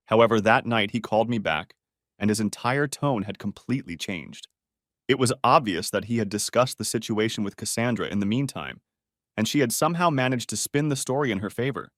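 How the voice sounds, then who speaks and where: A man narrating a scripted first-person story in a steady, expressive way. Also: fairly low pitch, fairly quick, dry recording, clean studio sound.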